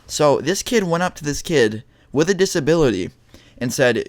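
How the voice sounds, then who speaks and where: A man's voice: on the high side, animated, moderate pace, no room sound. A young man vlogging, telling a story to his viewers in a blunt, casual way with lots of swearing and restarts.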